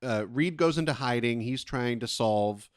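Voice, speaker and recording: A man's voice: mid-range voice, normal speed, dry recording. Rambling male podcast co-host, dry sound. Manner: loose and rambling, laughs often. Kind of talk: casual chat.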